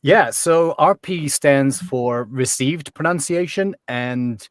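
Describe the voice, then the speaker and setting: A man from England talks in an English accent worn toward transatlantic by years abroad. He explains accents in a relaxed, wry way, pausing on ums and restarting sentences. His voice sits at an ordinary pitch and sounds close and dry, with no room around it. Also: dry recording. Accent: English, softened toward transatlantic after years in Canada. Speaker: accent coach and guest. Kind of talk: casual interview chat.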